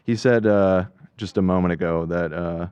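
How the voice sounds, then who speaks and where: A man's voice: low voice, normal speed, a little mellow, clear, resonant tone, dry recording, dull audio. A man in casual podcast chat, laid-back, answering with short agreements and dry jokes. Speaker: podcast co-host.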